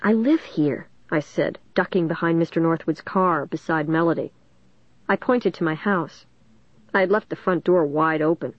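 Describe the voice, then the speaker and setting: A young adult woman giving a steady, suspenseful first-person audiobook narration on a close mic. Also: low voice, normal speed, no echo. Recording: dull dry lo-fi recording.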